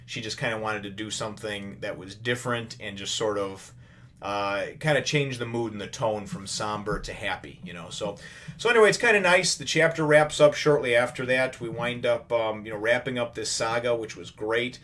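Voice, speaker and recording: A man's voice: on the low side, moderate pace, fairly bright tone, slight background noise. A man casually retelling a comic chapter in a review, rambling with lots of "you know" fillers. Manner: retells the story animatedly. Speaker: manga reviewer.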